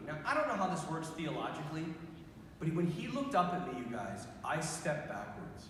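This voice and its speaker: A priest in his thirties telling a story to young people, animated, laughing and acting out what people said. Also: on the high side, slight background noise. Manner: animated, acts out quotes, laughs often. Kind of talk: youth retreat talk, storytelling. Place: large hall. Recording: echoey hall from far off.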